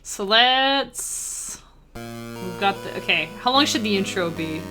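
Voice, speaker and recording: A woman with a bright, forceful voice, chatting away on a live stream while she composes chiptune music. She rambles casually, reads her chat out loud and hums little melody ideas as she works. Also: medium pitch, expressive, slow pace.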